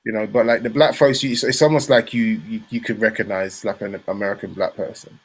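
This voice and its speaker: A man with a London accent, hosting a podcast and telling stories in a relaxed, casual way. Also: on the low side, a little fast, husky. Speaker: podcast host.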